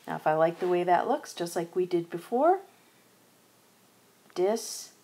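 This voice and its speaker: A teacher educator narrates an instructional screencast, methodically sounding out letters and syllables one at a time. Her voice is fairly low and dark with a breathy edge, very animated, and fairly quick.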